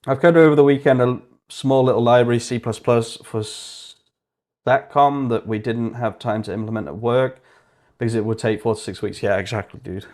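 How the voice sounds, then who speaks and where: Coding on a livestream, a young man chats casually, swearing freely and thinking out loud. His medium-pitched voice is brisk, and he reads code notes in a flat murmur.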